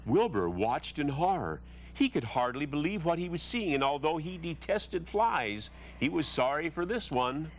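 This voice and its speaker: A reader narrating a storybook aloud in a plain, steady way. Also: medium pitch, moderate pace.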